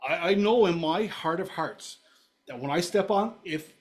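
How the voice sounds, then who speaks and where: Emphatic, excitable man host. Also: high-pitched, moderate pace. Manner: emphatic and excitable, swears freely. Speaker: podcast host. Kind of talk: casual chat.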